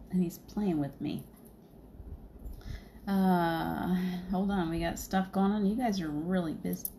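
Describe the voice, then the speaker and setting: A woman's voice: fairly low pitch, slow pace, pauses often, mellow, slight background noise. A woman hosting a casual livestream as a spiritual medium, chatting in a rambling way and laughing often.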